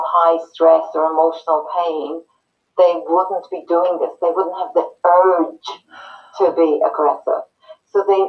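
Parenting educator, woman, earnest and gentle, heard from a distance on a muffled video call. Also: fairly low pitch. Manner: earnest, gentle, acts out soothing words to a child. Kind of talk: conversational interview.

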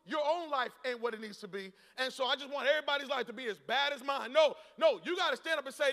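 A pastor from Boston preaching a sermon to his church, moving from quiet storytelling to shouted exhortation. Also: very high voice, animated, fast talker, few pauses, big-room sound. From Boston, United States. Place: church auditorium.

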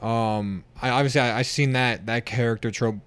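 A man's voice: medium pitch, fairly even intonation, moderate pace, fairly bright tone, smooth, no echo. Dude rambling about a movie on a podcast, trips over his words, dry sound. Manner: rambling, hesitant, defensive. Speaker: podcast co-host. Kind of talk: casual movie review chat.

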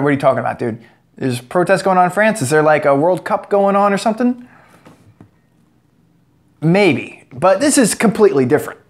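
An American man giving a sarcastic, joke-filled commentary vlog as a political commentator. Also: on the high side. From United States. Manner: sarcastic, joking asides.

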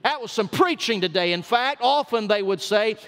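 A man's voice: high voice, expressive, normal speed, a bit bright. A man with a South Georgia Southern accent preaching a sermon as senior pastor, folksy and emphatic, drawing out his punch lines. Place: church sanctuary. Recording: long church reverb.

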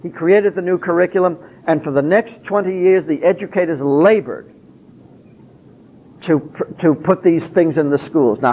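A man's voice: sits high, breathy edge. A man giving an emphatic public lecture, posing rhetorical questions and answering them himself. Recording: tinny lo-fi phone-like recording.

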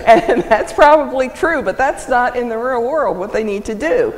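A woman presenting a legal ethics lecture at a symposium, lively and emphatic, laughing often. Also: fairly high pitch, measured pace. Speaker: conference speaker on legal ethics. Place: lecture hall. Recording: reverberant hall sound.

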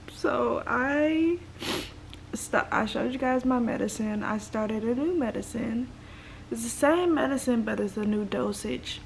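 A woman's voice: fairly high pitch, creaky, slight background noise. A young woman from Los Angeles vlogging casually while sick and congested, rambling and emotional. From Los Angeles, United States. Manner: rambling, talks in reported thoughts. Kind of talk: casual vlog talk.

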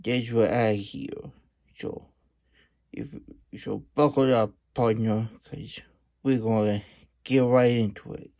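A man's voice: mid-range voice, steady tone, slow, pauses often, darkish tone. A man hosting a casual storybook reading, with playful cowboy-persona banter and rambling asides. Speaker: children's book reader.

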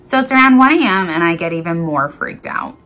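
A woman reads creepy encounter stories aloud with earnest, dramatic delivery. Her voice is bright and forward, sitting a little low. She stumbles now and then and restarts a word. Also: expressive, a little fast. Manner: earnest, dramatic reading with small slips. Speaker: storyteller reading encounters. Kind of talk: reading viewer stories aloud.

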